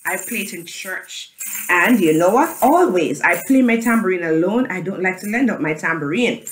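A woman's voice: lowish voice, lively intonation, moderate pace, reverberant, a little hiss or hum. A woman teaching a children's phonics reading lesson, chanting and spelling letters aloud with her class. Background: tambourine jangling.

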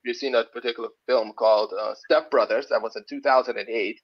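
Halting man chatting, lo-fi sound. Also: mid-range voice, fairly even intonation, husky. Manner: halting, many restarts and fillers, laughs at own jokes. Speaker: guest. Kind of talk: casual chat. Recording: dull lo-fi sound.

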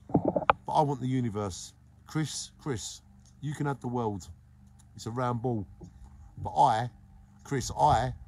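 A middle-aged man from England hosting a live stream, greeting viewers by name in an exuberant, sing-song way that swings between loud and hushed. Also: mid-range voice, a little hiss or hum. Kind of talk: casual live-stream chat, reading comments.

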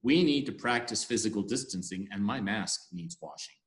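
A man's voice: lowish voice, animated, moderate pace, close to an everyday voice. A man voicing a cautious, fussy panda in a storybook tale, in an echoey room. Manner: careful, fussy.

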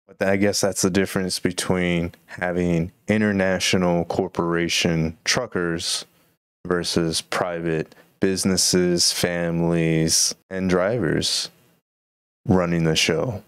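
A man's voice: sits low, level tone, slow, clean tone, no echo, clean studio sound. A man hosting a solo podcast, musing and rambling casually about current events. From Texas. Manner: rambling, musing, laid-back. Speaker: podcast host.

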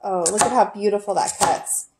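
A woman's voice: mid-range voice, moderate pace, very noisy. A woman giving a casual, enthusiastic product review at home, gushing and talking with many fillers. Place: home kitchen.

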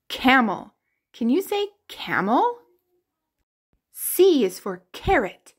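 A woman teaching the alphabet to toddlers in a slow, sing-song, exaggerated way, with playful animal sounds. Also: very high voice, very animated. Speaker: children's educator.

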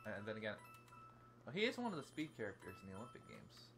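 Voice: mid-range voice, huge pitch swings, fast, fairly bright tone, soft background music. A gamer chatting casually at home while playing a video game, rambling and playful, now and then slipping into silly sing-song bits. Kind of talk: casual let's-play commentary. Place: home, sitting on the floor by the TV.

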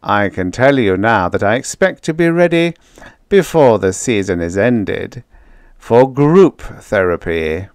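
A cool, meticulous mastermind, voiced by a man narrating a horror audiobook, speaking in a slow, measured intone. Precise and deliberate, recorded dry and close. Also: lowish voice, lively intonation, clear, resonant tone, no room sound.

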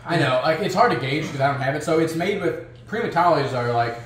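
A man's voice: fairly high pitch, lively intonation, fast talker, a bit bright, a little hiss or hum. Man guest, easygoing, hesitant, heard far off in a very echoey room. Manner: laid-back, hesitant with fillers. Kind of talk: casual food review chat.

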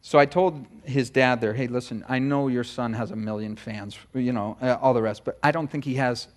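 A middle-aged man preaching a sermon, telling a personal story in a chatty, animated way with many asides. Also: mid-range voice, moderate pace. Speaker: pastor. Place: church sanctuary.

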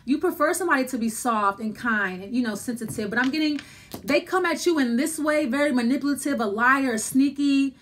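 A woman's voice: sits high, brisk, a bit bright. A woman giving a casual tarot reading, thinking aloud as she pulls cards, repeating herself and speaking straight to the listener. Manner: rambling, repetitive, thinking aloud while pulling cards; addresses the listener directly and reassuringly. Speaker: tarot reader.

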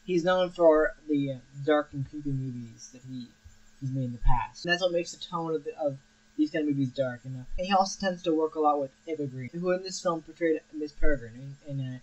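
A young man with a slightly higher voice reviews a movie in a loose, unscripted monologue. He keeps restarting his sentences and leaning on fillers as he goes. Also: brisk, lo-fi sound. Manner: rambling, many restarts and fillers. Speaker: film review host. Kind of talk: casual film review monologue.

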